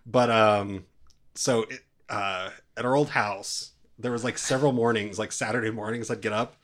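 A man in casual podcast chat, telling crude stories with animated energy. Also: lowish voice, moderate pace, a little hiss or hum.

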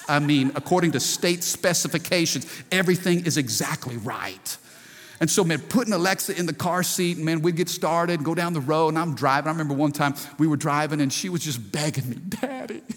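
A man in his forties preaches a sermon in a high voice, often throwing rhetorical questions to the congregation. His voice carries with a long reverb, as in a large church hall. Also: a bit bright. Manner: preacherly, calls for audience response. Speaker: pastor.

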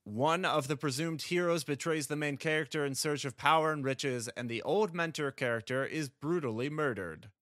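A man runs a casual movie quiz, his voice fairly high and strongly bright. The sound is close and dry. He reads long clue questions, counts down, and calls answers correct or incorrect. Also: normal speed, hardly any pauses, no room sound. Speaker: quiz host.

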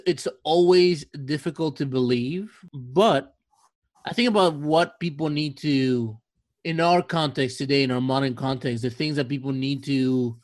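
A man's voice: medium pitch, no room sound. A man in a casual faith conversation, reflective and hesitant, often restarting his sentences.

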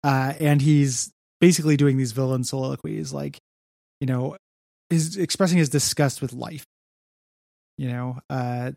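Young male podcast co-host, gravelly, dry close sound, rambling casual chat. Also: mid-range voice, fairly even intonation, measured pace, darkish tone, no room sound. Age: young adult. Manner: rambling, heavy on fillers. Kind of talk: casual comics discussion.

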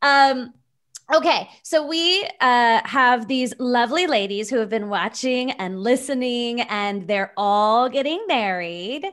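A woman hosting and interviewing as a fellow wedding planner, talking enthusiastically in quick bursts. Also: fairly high pitch, a bit bright. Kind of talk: casual interview chat.

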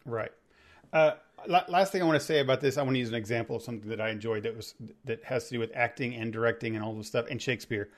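A man chatting casually on a movie podcast, retelling a scene in a lively, rambling way with many restarts. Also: mid-range voice, quick pace. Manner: animated storytelling, rambling with restarts.

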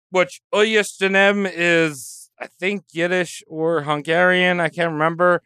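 A man's voice: fairly high pitch, steady tone, measured pace, hardly any pauses, pushed and bright, smooth, dry recording, clean studio sound. A man co-hosting a podcast, chiming in with quips in casual chat. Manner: wisecracking, chimes in with quips. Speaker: podcast co-host.

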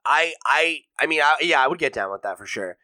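A man co-hosting a casual gaming podcast, jokey and quick to swear and laugh. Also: fairly high pitch, expressive, bright, forceful tone, dry recording. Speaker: podcast co-host leading the news segment.

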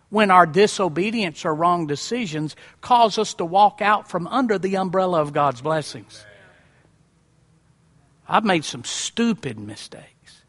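A man's voice: high-pitched, fairly bright tone. A male pastor preaching a sermon, repeating lines and asking the congregation questions, with a folksy, dramatic emphasis. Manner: preaching with rhetorical questions and repetition.

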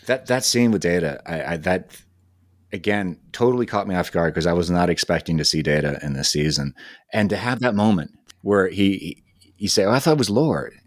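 A man with a very low voice co-hosting a podcast, chatting casually with enthusiasm and frequent halting restarts. The recording is dry and close. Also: no echo. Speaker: podcast co-host. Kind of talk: casual chat.

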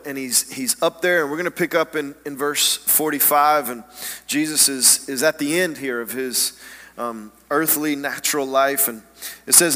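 A man preaching a sermon in an earnest, halting way, often repeating words as he gathers his thoughts. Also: mid-range voice, sharp tone. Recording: long hall reverb.

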